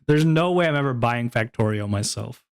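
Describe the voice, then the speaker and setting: A man's voice: medium pitch, animated, normal speed, smooth. Young male streamer, mid-range voice, loose rambling chat, laughs and swears, talks to viewers. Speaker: VTuber streamer. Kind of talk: casual livestream chat.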